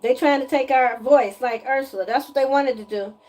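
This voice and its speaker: A woman giving a casual spiritual energy reading to viewers, animated and emphatic, often repeating her lines and slipping into slang. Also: sits high, fairly quick. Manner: animated, breaks into singing, emphatic and preachy.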